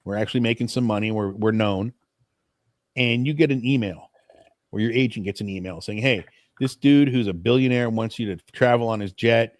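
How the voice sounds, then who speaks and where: A man's voice: fairly low pitch, normal speed, no room sound. A man co-hosting a late-night podcast, casual and brash, teasing his partner and firing questions. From Italian-American. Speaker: podcast co-host.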